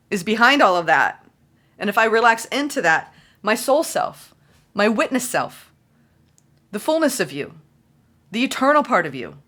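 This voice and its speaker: A woman giving a solo tarot reading, excitable and gushing, repeating phrases for emphasis. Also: mid-range voice. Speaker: tarot reader.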